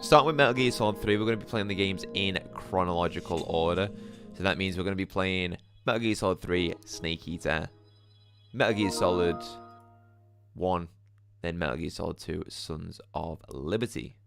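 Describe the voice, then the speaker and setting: A Liverpool man with a thick Scouse accent hosts a live gaming stream, chatting loosely with his viewers and dropping the odd swear. His voice sits very low with a gravelly rasp, and music plays clearly behind him. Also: normal speed. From Liverpool, England. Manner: chatty, answers viewer comments, swears casually. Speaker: gaming livestreamer.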